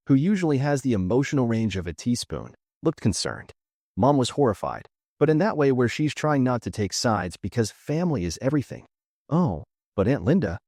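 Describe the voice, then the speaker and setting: A man tells a reddit story with dry sarcasm, his pitch bouncing lively up and down. His voice is close and dry, with no room sound around it. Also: no room sound. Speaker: narrator. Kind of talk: scripted narration of a reddit story.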